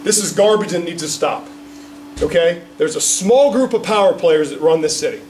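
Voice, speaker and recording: Animated man speaking at a press conference. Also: a little high, moderate pace. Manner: animated, indignant storytelling; checks in with the crowd often. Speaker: political candidate. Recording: roomy, distant mic, faint background noise.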